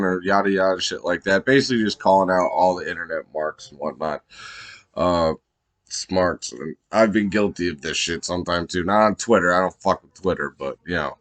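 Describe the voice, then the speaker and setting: A man with a fairly low voice rambles through excited commentary, swearing freely and laughing as he goes. He sounds a little high, restarting his thoughts often. The sound is dry and close. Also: moderate pace, no room sound. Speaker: wrestling fan vlogger.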